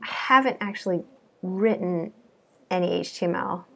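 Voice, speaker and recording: A woman's voice: lowish voice, moderate pace, creaky. A woman, a coding bootcamp student, chatting casually and giggling as she walks through her project. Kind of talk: casual screen-share walkthrough.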